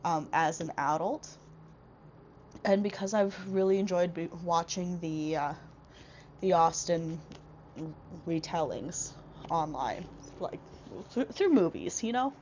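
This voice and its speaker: A woman's voice: lowish voice, lively intonation, slow, long pauses, a little mellow, dull audio, a little hiss or hum. Congested young woman chatting casually. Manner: chatty, rambling with many fillers and restarts. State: congested from a cold. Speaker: vlogger. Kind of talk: casual book haul vlog. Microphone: small wireless clip-on mic.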